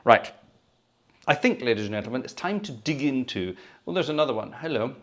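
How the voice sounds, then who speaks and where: A cheerful man hosting a live organ-music stream. He talks to viewers in a chatty, effusive way and keeps thanking them by name. His pitch swings up and down in a lively, sing-song way. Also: a little fast. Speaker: livestream organist and host. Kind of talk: live-stream chat between organ tunes.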